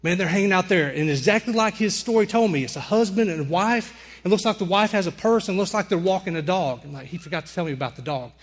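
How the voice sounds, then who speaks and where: Southern guy preaching, tells a story big, higher voice, jumps to yelling bits. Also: quick pace, hardly any pauses. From Alabama. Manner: animated storyteller, acts out screams and dialogue. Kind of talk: storytelling sermon.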